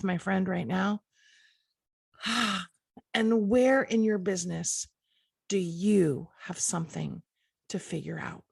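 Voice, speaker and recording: A woman's voice: mid-range voice, gravelly, darkish tone, breathy edge, no room sound. A middle-aged woman hosting a motivational podcast, talking earnestly and encouragingly straight to the listener. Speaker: podcast host.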